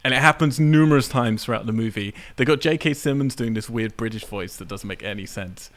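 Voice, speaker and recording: A man co-hosting a casual podcast who rants about a film with animated, laughing criticism. He is from the United Kingdom. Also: mid-range voice, a little fast. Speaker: podcast co-host.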